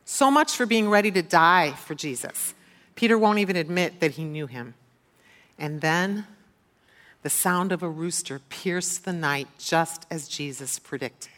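A woman's voice: lowish voice, animated, a little slow, a bit bright. A woman preacher giving a sermon, retelling a scripture story and asking the listeners questions.

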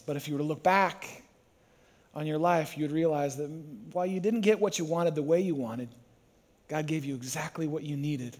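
A man's voice: fairly high pitch, normal speed, darkish tone. A man preaching a sermon to a congregation, who tells the story with energy and acts out the voices. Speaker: pastor.

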